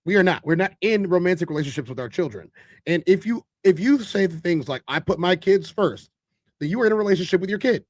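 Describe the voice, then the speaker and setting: A male host with a somewhat high voice gives casual live-stream commentary. He talks straight to his chat and makes his points with emphasis. The sound is close and dry. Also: lively intonation, quick pace, no room sound.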